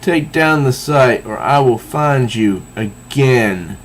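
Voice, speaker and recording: A man's voice: medium pitch, expressive, takes it slowly, a little hiss or hum. A man voicing an angry, hulked-out woman lawyer from a comic, making clipped, menacing threats.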